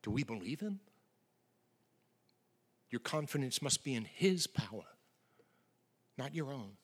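A middle-aged male pastor preaching a sermon with emphatic swings from loud declarations to near whispers. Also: mid-range voice, very animated, unhurried, breathy edge.

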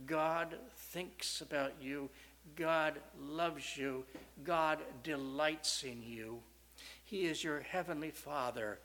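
A male preacher delivers a sermon in a high, bright voice. He speaks slowly and deliberately. He builds to loud, rising questions and then drops to soft, low statements. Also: slight background noise.

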